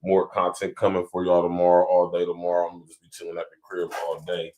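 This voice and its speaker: Deep-voiced laid-back podcast host. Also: male voice, completely flat delivery, quick pace, warm tone. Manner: laid-back, loose repetitive phrasing. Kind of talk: casual sign-off chat.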